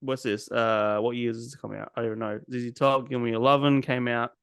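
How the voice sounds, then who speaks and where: A man's voice: medium pitch, flat delivery, brisk, creaky, a bit bright, smooth, dry recording, clean studio sound. A man hosting a casual movie podcast, blunt and cynical, swearing freely as he picks films apart. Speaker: podcast host. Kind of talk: casual movie review chat.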